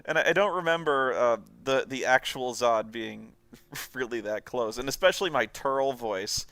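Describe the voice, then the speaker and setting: A man's voice: medium pitch, moderate pace, dry recording. A man giving a casual, rambling commentary on a video, often laughing as he talks. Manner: rambling, laughing, lively storytelling.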